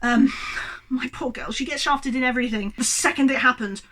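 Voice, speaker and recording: A woman's voice: sits high, fairly quick, fairly bright tone. A young woman reviewing a movie at home in front of a tripod camera, ranting in an exasperated, worked-up way and swearing freely.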